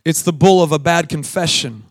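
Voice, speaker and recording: Emphatic preacher, higher male voice. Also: normal speed, no room sound, clean studio sound. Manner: swings from loud emphatic preaching to quiet storytelling; laughs at his own story. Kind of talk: sermon with a told childhood story.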